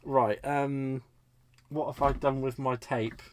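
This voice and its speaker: A man's voice: mid-range voice, fairly even intonation, takes it slowly, a little hiss or hum. A man from Britain hosting a live crafting stream, chatting casually and laughing at his own mistakes as he works. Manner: chatty, self-deprecating, laughs often. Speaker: crafting livestream host.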